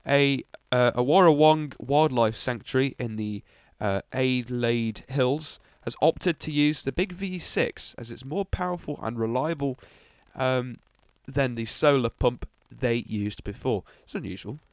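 A man's voice: mid-range voice, unhurried, few pauses, smooth, no echo. A young man hosting a casual car news podcast, rambling with ums and little asides. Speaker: podcast host.

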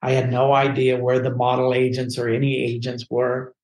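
A man's voice: medium pitch, monotone, normal speed, darkish tone. A man from California telling his life story as a podcast guest, candid and rambling with lots of "like". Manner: candid and rambling, uses "like" a lot. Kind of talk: personal storytelling. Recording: roomy echo.

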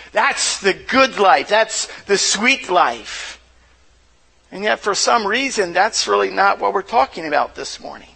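A man's voice: high voice, vocal fry, bright, forceful tone, rough recording. A pastor preaching a sermon in church, asking the congregation questions and often repeating words as he restarts. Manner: asks rhetorical questions to the audience.

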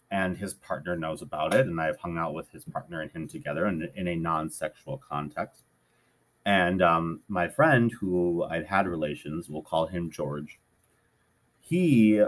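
Earnest rambling man, low voice. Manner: rambling, self-correcting, earnest. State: has the hiccups. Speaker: podcast host. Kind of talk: casual solo podcast monologue.

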